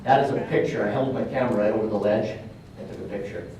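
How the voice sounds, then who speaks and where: A man's voice: lowish voice, fast, mellow, distant mic, slight background noise. A man giving a motivational talk at a conference, telling a personal story in an earnest, conversational way with emphatic repeats. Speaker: motivational speaker. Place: conference hall. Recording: roomy hall sound from off mic.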